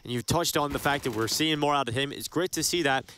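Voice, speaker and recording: A man's voice: quick pace, slight background noise. Man calling esports play-by-play. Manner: climbs into excited high-pitched calls on big plays. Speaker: esports commentator. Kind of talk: play-by-play commentary.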